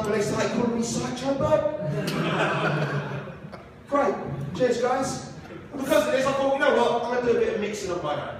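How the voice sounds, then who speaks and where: A man's voice: very high voice, noisy background. A young man doing a stand-up comedy set in a comedy club, crude and swearing, with mock-outraged punchlines. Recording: echoey club room from far off.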